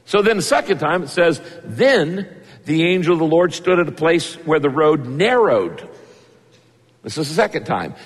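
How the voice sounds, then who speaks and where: A man's voice: fairly high pitch, big pitch swings, normal speed, slightly rough, long reverb tail. A man preaching a conversational, emphatic sermon, retelling a story and pressing the point home. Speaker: pastor.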